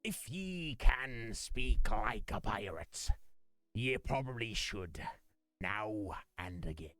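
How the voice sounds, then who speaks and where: A man voicing a boisterous male pirate captain, drawing out his words slowly. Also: mid-range voice, very animated, creaky, bright, forceful tone, no room sound, soft background music, exaggerated voice. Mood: jovial.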